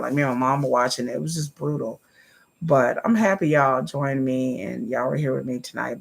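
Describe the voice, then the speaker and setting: Gravelly-voiced woman chatting to viewers. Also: rumbling low, normal speed. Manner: chatty, addresses viewers as y'all. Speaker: livestream host. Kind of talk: casual livestream chat to viewers.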